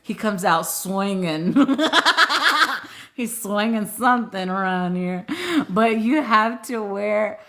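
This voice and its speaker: A giggly woman chats slowly and playfully on a live stream, breaking into laughter between teasing jokes. Her voice is bright and clear. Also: medium pitch. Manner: bawdy joking banter. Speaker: livestream host. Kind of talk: casual live chat with viewers.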